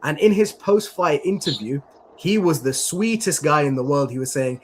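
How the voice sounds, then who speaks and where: A man's voice: on the high side, sing-song, moderate pace, slight background noise. A male MMA interviewer asking long, rambling questions in a chatty, casual way.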